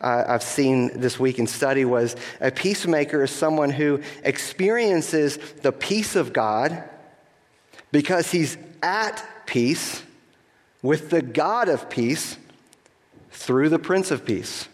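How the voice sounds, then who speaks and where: A man's voice: a little high, expressive. Man preaching in an echoing sanctuary. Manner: earnest preaching with rhetorical questions and slow emphatic phrases. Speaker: pastor. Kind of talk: sermon. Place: church sanctuary. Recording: long reverb of a large hall.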